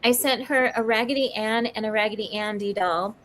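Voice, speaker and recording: A woman on a casual livestream, telling a family story in an animated, giggly way. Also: fairly high pitch, fairly quick, a little hiss or hum. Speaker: livestream co-host. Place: home.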